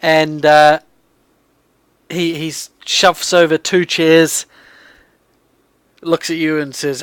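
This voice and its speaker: A man's voice: on the high side, level tone, takes it slowly, smooth, no echo. A man, narrating a tabletop game as game master in a casual way with many fillers.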